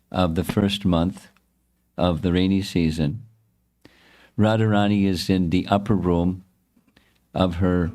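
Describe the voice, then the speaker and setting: Slow, low-voiced man telling a devotional story. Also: darkish tone. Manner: halting, frequent self-corrections and restarts. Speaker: spiritual teacher.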